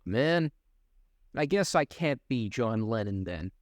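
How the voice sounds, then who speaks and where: A young man co-hosting a podcast in casual chat, rambling and halting, swearing freely. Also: mid-range voice, sing-song, dry recording, studio quality. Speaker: podcast co-host.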